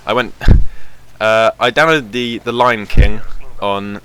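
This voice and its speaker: A man's voice: lowish voice, takes it slowly, pushed and bright, a little hiss or hum. A young man chatting casually over gameplay footage as host of his gaming channel, rambling with lots of fillers. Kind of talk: casual game commentary.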